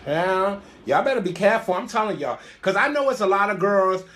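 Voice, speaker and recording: A woman's voice: medium pitch, animated, brisk. A woman hosting an online call-in radio show, ranting brashly with heavy, repetitive cursing. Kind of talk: profane call-in radio rant.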